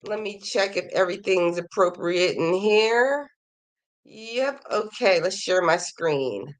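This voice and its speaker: This is a woman's mid-range voice with lively intonation, delivered slowly. She's a crochet podcast host chatting warmly through viewer emails and gushing over their projects, though her voice is a bit worn and slipping away.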